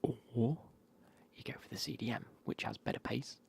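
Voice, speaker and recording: A man's voice: mid-range voice, normal speed, gravelly, darkish tone. A man whispering through an ASMR gaming stream, rambling and swearing as he chats.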